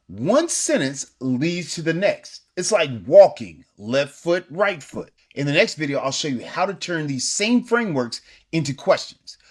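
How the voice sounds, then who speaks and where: A language teacher leads a scripted video lesson, coaching learners with encouragement as she moves between English and Spanish phrases. She repeats example sentences slowly so they can follow. Her voice is medium in pitch and husky.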